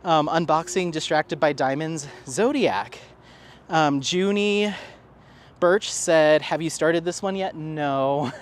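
A man's voice: fairly high pitch, takes it slowly, slight background noise. A man vlogging casually outdoors on a neighborhood dog walk, rambling and laughing at himself as he answers viewer comments. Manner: rambling, self-deprecating, laughs often. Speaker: crafting vlogger. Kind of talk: casual chat to camera.

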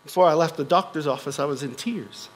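High-voiced American man telling his story. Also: a little fast, breathy edge, poor audio. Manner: earnest storytelling with light self-deprecating humor. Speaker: guest speaker. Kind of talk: personal testimony talk.

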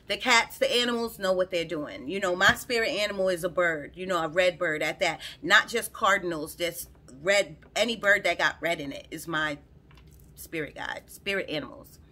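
A woman doing a chatty tarot reading, recorded on her phone. Her voice is bright and forward, and she talks to her viewers in a loose, rambling way, circling back and repeating her words as they come to her. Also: on the low side, moderate pace. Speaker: tarot reader. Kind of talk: casual spoken tarot reading to camera.

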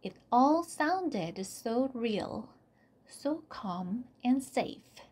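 Slow, soft storybook reader. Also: female voice, a little high, sing-song, husky. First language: Korean. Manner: soft, often dropping to a whisper. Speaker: channel host reading aloud. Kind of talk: slow read-aloud storybook narration.

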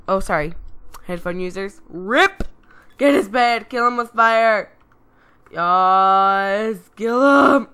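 Excitable woman narrating gameplay. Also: medium pitch, slow pace, smooth. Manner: excitable, dramatic, self-deprecating. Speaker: gameplay commentator. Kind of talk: casual game commentary.

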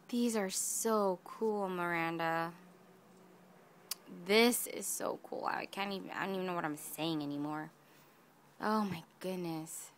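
A woman's voice: mid-range voice, measured pace, vocal fry, fairly bright tone, a little hiss or hum. A woman craft vlogger gushing over gifts in a casual unboxing video, addressing her viewers directly. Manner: gushing, effusive, talks to viewers.

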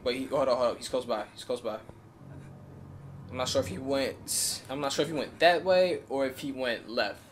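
A young man hosting a gaming channel, giving excitable running commentary to his viewers as he plays, often bursting into high-pitched yelling. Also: moderate pace, slight background noise. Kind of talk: live game commentary.

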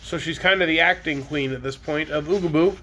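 A man's voice: fairly high pitch, a little fast, over a noisy crowd. A man reading a children's chapter book aloud on a live stream, with casual, chatty asides between chapters.

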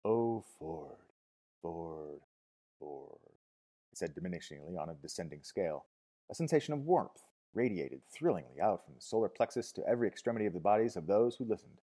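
A man narrating a novel as an audiobook, expressive, dropping to hushed tones and rising to loud cries. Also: sits low, quick pace. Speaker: audiobook reader.

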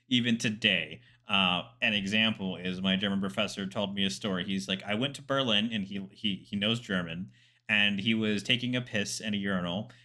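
A man's voice: fairly low pitch, sharp tone. A man, a military historian, commenting casually on a documentary, chatty and digressive with asides and fillers.

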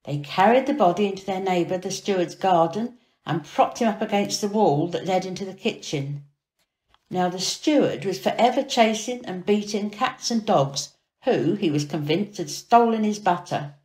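A woman reading a children's storybook aloud as storyteller, expressive and dramatic. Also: mid-range voice, moderate pace. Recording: echoey room.

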